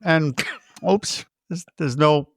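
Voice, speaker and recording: A man's voice: fairly high pitch, slow pace, gravelly, no room sound, clean studio sound. A man co-hosting a podcast, chatting casually about a film and acting out its lines as he retells scenes. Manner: animated retelling, acts out movie lines. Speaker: podcast co-host.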